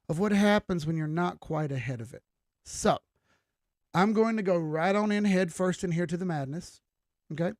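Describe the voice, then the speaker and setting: A man's voice: fairly high pitch, no echo, studio quality. A young man hosting a crypto trading livestream, giving an emphatic, preachy, blunt pep talk with casual swearing.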